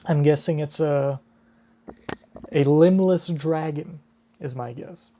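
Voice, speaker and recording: A man hosting a live reaction, reading a manga aloud and thinking out loud about what comes next. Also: a little high, slow, pauses often. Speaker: reaction channel host.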